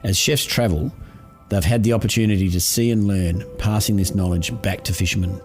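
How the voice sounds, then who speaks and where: A man narrates a scripted podcast segment in a measured, informative tone. His voice sits on the low side, with faint music underneath. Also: fairly even intonation, a little mellow.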